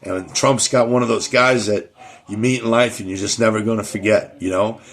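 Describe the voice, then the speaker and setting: A man's voice: fairly low pitch, fairly even intonation, moderate pace, fairly bright tone. A middle-aged man hosting his own show, talking casually in a rambling way, with many restarts and repeated words. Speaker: show host. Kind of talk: casual monologue.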